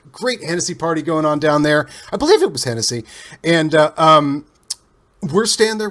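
A man from Cincinnati, a guest telling long, animated anecdotes with frequent restarts and self-corrections. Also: sits high. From Cincinnati, USA. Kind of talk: casual interview storytelling.

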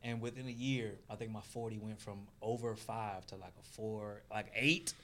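A man who is a comedian and a podcast guest, talking in a laid-back way in casual chat and dropping to a low murmur at the ends of his lines. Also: fairly even intonation, moderate pace, pushed and bright, a little hiss or hum.

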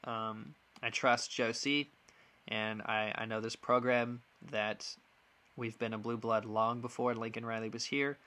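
Bright-voiced young man ranting about sports. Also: medium pitch, level tone, a little slow. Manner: frank, frustrated, many ums and restarts. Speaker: sports podcast host. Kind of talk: casual opinion monologue.

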